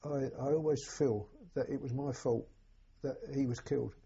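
An elderly man recalling his war years, halting and repeating words as emotion rises. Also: mid-range voice, steady tone, gravelly, warm tone. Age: older. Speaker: war veteran interviewee. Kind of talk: personal recollection. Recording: dull lo-fi recording.

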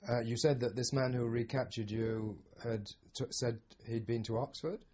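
A man's voice: mid-range voice, steady tone, normal speed, a little mellow, husky, highs cut off. A man conducting an oral history interview, asking short, probing follow-up questions.

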